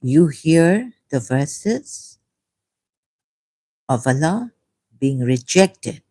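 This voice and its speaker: A woman, hosting a livestream and talking off the cuff in a rambling, animated way, often breaking into laughter. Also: low voice, drawn-out words. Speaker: livestream host. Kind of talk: unscripted livestream monologue.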